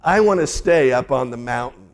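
A man, a pastor, delivering a sermon and retelling scripture in a lively storytelling way. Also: mid-range voice, normal speed.

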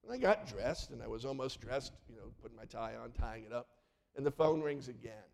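A middle-aged male pastor telling stories in a sermon, lively and acting out the people in them. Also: mid-range voice, a little fast, vocal fry, crowd noise. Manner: animated, acts out voices in his stories. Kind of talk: storytelling sermon.

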